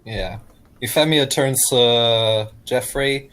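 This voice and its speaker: A man playing a tabletop game, describing his character's actions in a halting way full of fillers. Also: medium pitch, fairly bright tone. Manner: hesitant, halting, full of "kinda" and "like". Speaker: player.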